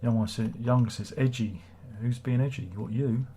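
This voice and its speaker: A man's voice: mid-range voice, steady tone, normal speed, mellow, slight background noise. A man hosting a casual livestream, rambling and swearing as he reads viewer comments aloud. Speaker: livestream host.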